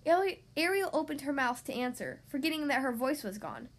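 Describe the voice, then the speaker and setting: A woman narrating a children's storybook aloud, steady with small stumbles. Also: high voice, fairly quick. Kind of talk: storybook reading.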